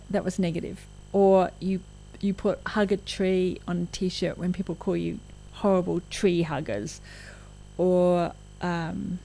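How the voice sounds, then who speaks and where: A woman's voice: fairly low pitch, dark tone, rough recording. A woman giving a recorded lecture, talking frankly and conversationally with asides.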